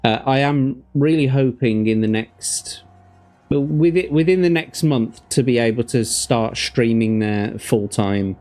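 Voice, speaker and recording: A man's voice: mid-range voice, a little slow, a little mellow. A man, hosting a livestream as game master, chatting with viewers and reading gamebook passages aloud. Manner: chatty, laughs easily, talks to his chat.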